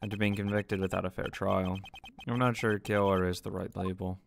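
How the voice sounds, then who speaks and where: A man's voice: sits low, flat delivery, normal speed, creaky, a little hiss or hum. A man giving casual, irreverent let's play commentary and reading game dialogue, swearing and laughing at himself. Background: game music.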